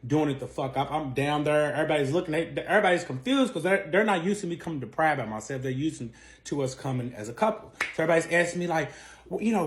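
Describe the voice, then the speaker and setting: A young man telling a breakup story in a casual, profane, animated monologue, with big swings in pitch and volume. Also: a little fast, breathy edge, no echo. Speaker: storyteller recounting a breakup saga.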